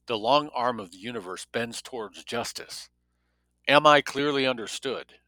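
A man's voice: medium pitch, moderate pace, bright, forceful tone, no room sound, natural voice. A man voicing a stern middle-aged female lab director who barks orders like a drill sergeant, in a story he reads aloud. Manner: commanding, speaks like a drill sergeant.

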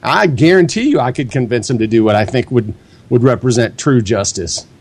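A man's voice: medium pitch, expressive, brisk, darkish tone. A man arguing as a guest in a heated debate, combative and dismissive.

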